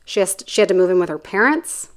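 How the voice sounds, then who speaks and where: A woman's voice: mid-range voice, quick pace. A woman co-hosting a podcast, casually recapping a documentary series and acting out the people in it. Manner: animated storyteller, acting out quotes, swears freely. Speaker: podcast co-host.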